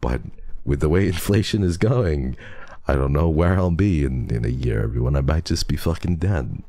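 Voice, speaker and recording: Very deep congested male streamer. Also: expressive, moderate pace, dark tone. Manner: playful, teasing, laughs often, mixes in Tagalog and Korean endearments. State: congested from a cold, sniffling. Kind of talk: casual chat with chat readers.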